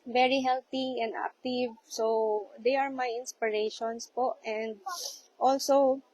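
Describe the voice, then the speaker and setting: A woman in her forties with a Filipino accent speaks to her livestream viewers. Her voice sits a little high, and she talks politely and warmly, often pausing or restarting her sentences. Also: fairly even intonation, muffled recording. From Philippines. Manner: polite and heartfelt, with frequent hesitations. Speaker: low-carb vlogger. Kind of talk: casual livestream talk.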